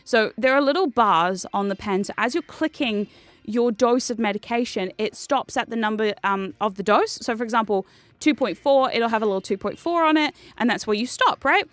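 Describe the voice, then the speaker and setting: A woman's voice: a little high, normal speed, no room sound. A young woman, telling a story casually and animatedly while she streams a game, with some swearing. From New Zealand. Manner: animated and swearing, with bursts of laughter.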